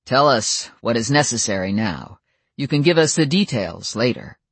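An audiobook narrator voicing a reserved werewolf man who speaks in flat, measured, formal tones. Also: medium pitch, husky, dry recording. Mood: grave. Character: calm, stern male werewolf elder, few words.

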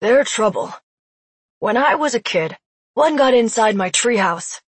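A woman voicing a gruff man who grumbles and warns in an audiobook. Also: fairly high pitch, expressive, measured pace, dry recording. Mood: grumbling. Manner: grumbling, a bit louder.

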